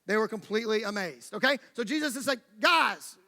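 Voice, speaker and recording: A man with a very high, bright voice delivers a lively sermon, acting out the story as he goes. The sound rings with the long reverb of a church hall. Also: fast talker. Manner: animated storytelling, acting out the scene. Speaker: preacher.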